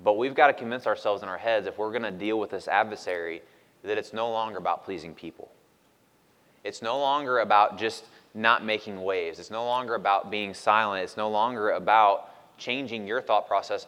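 A man preaching a sermon as a pastor, moving from loud, emphatic questions to hushed asides and acting out the voices of people in his stories. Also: fairly low pitch, a little fast, clean tone, big-room sound.

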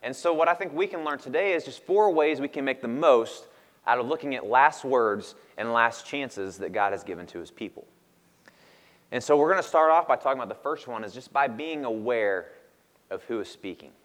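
A man in his thirties delivers a laid-back, conversational sermon in a medium-pitched voice. His speech carries a long reverb tail from a large hall. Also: animated, normal speed, fairly bright tone. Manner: casual, conversational, laughs often. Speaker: pastor.

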